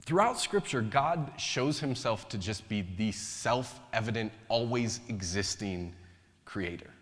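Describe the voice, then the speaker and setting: A man's voice: on the low side, animated, measured pace. Chatty male pastor in a hall. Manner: conversational, joking asides. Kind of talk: sermon.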